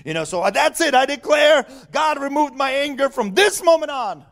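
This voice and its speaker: A man's voice: very high-pitched, sing-song, normal speed, fairly bright tone. A man preaching a sermon in a conversational way, chuckling often and asking the audience questions.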